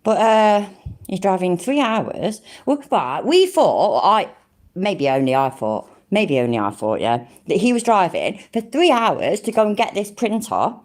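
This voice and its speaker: A woman's voice: medium pitch, sing-song, unhurried. An older woman hosting a casual live stream, chatting to her viewers, swearing freely and calling them love and mate. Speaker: livestream host.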